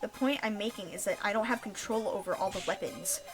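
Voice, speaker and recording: A woman voicing a scheming, smug young man in a game, read quietly with a sneer, game music behind. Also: medium pitch, fairly quick, lightly acted.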